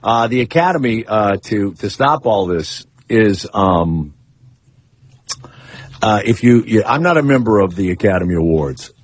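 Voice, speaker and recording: Male radio host, husky voice, dry close sound, faint music, joking banter. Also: fairly low pitch, animated, measured pace, no room sound. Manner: joking, rambling with fillers. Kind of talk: casual radio talk.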